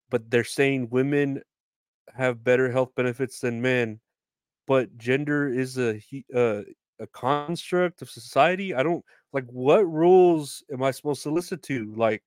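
A man's voice: medium pitch, smooth, no echo. Rambling, swearing young man with a dry close mic. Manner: rambling, profane, self-deprecating. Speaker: podcast host. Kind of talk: casual news rant.

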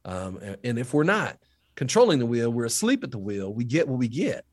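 Animated storytelling man, mid-pitched. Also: a little fast. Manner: animated storyteller, rising pitch when quoting others. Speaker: guest, history teacher. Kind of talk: storytelling in a faith podcast interview.

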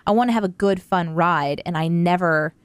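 A woman's voice: fairly low pitch, moderate pace, clear, resonant tone, no room sound. A woman co-hosting a casual movie review chat, talking in loose, eager runs full of likes.

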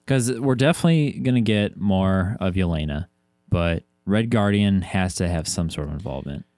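Man, co-host, low voice, lively pitch, casual chat, dry sound. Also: normal speed, no room sound. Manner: animated, laughs often, asks questions.

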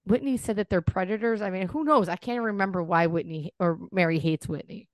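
A woman's voice: mid-range voice, a little fast, no room sound, clean studio sound. A middle-aged woman co-hosting a podcast, blunt and chatty, telling stories in casual talk. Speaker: podcast co-host. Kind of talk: casual chat.

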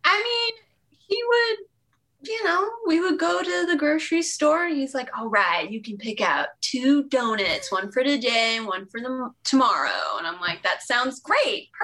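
A woman's voice: fairly high pitch, expressive, unhurried, sharp tone. A woman guest on a podcast, telling a childhood story in plain, matter-of-fact casual chat.

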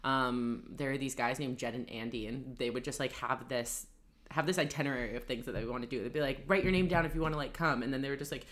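A podcast co-host with a very deep, fairly bright voice chats casually and fast, her intonation fairly even. She's chatty and fills her talk with "like" again and again.

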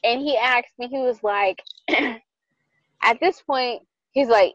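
A young adult woman co-hosting a podcast, telling a dating story in casual chat, animated and profane, acting out both sides. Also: fairly high pitch, slow, dry recording, muffled recording. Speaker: podcast co-host.

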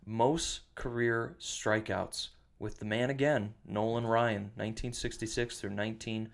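A man's voice: on the low side, steady tone, measured pace, gravelly. Podcast co-host, male, casual chat, steers the talk and reads off numbers. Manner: leads the segments, reads out stats.

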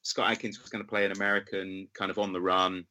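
A man's voice: low voice, flat delivery, quick pace, pushed and bright, low-quality recording. A man in his thirties with a London accent, a film director telling a long story in a casual, rambling interview. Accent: London English. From England. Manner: chatty, rambling, full of fillers and acted-out quotes.

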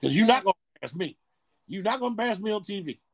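Gravelly-voiced man, blunt podcast chat. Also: high voice, very fast, no echo. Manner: blunt, profane, animated storytelling. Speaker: podcast co-host.

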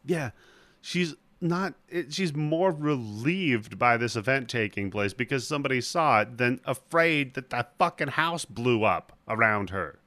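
A male podcast host retells a film scene by scene and jumps in and out of the characters' voices, cursing freely. His voice sits at an average pitch. The recording is dry, with no room sound. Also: unhurried, no echo. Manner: animated retelling, acting out characters' lines with profanity. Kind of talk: casual movie recap podcast.

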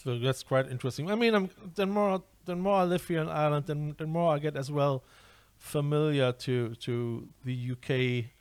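Halting host. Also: male voice, a little high, clean tone, no echo. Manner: halting, repeats words often. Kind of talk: casual interview.

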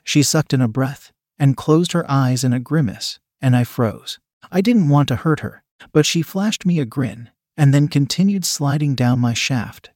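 A man reads a first-person story aloud in a quiet, even voice. His pitch sits in a plain middle range. The sound is close and completely dry. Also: dry recording. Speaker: narrator.

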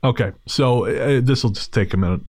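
A man's voice: medium pitch, a little fast, darkish tone, breathy edge, no echo, studio quality. A man hosting a podcast, telling a story in a casual, wry and digressive way, with frequent restarts. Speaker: podcast host.

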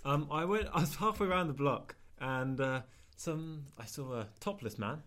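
A man's voice: a little high, normal speed, fairly bright tone. A young man telling a story in casual chat as podcast co-host, dry and self-mocking.

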